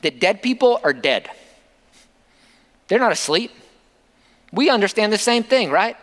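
Male pastor, high-pitched, conversational sermon, reverberant church hall. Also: sing-song, measured pace, a bit bright. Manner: conversational preaching with rhetorical questions.

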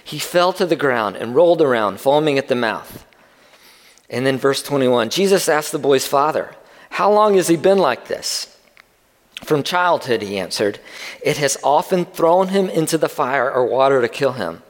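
A man's voice: mid-range voice, animated, moderate pace. A man preaching a sermon as pastor, talking conversationally and putting questions to the congregation. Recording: long reverb of a large hall.

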